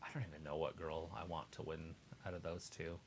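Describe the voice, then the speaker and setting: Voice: a bass voice, little pitch movement, a little fast, slight background noise. A co-host of a wrestling watch-along, chatting casually, reacting to the show aloud and mimicking the wrestlers. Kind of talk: casual chat.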